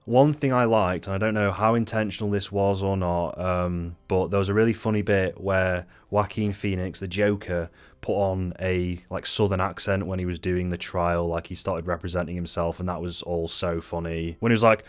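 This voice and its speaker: A man's voice: low voice, flat delivery, moderate pace, hardly any pauses. A man angrily ranting through an unscripted film review, swearing often and rambling. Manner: angry, profane, rambling. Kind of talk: unscripted rant-style review.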